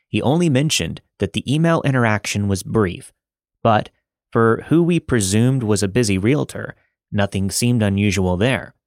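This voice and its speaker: A man reading a listener's true scary story in a steady, measured narrating voice. His pitch sits on the low side, and the sound is dry and close with no room around it. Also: no room sound. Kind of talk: scripted first-person story narration.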